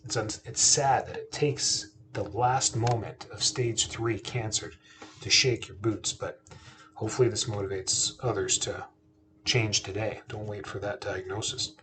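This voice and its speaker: A man's voice: lowish voice, steady tone, unhurried. A man, a chiropractor and podcast host, telling a family story in a casual, earnest, conversational way. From Canada. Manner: earnest, conversational, quotes himself and his father.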